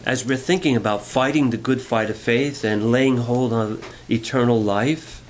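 A man's voice: mid-range voice, normal speed, hardly any pauses, a little mellow, slight background noise. A male pastor giving a conversational, playful sermon, asking the congregation questions.

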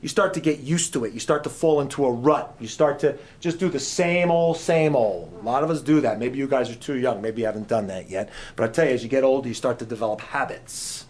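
A middle-aged man preaching a sermon as a guest speaker, quizzing the audience and swinging between soft asides and loud emphasis. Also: medium pitch, fairly quick, few pauses.

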